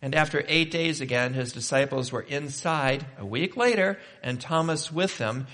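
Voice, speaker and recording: A man preaching, reading scripture aloud and breaking in with rhetorical questions, conversational and animated, sometimes slowing right down for emphasis. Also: on the high side. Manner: reads scripture then comments with rhetorical questions; conversational and animated, shifting between slow emphatic and quick asides. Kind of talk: sermon.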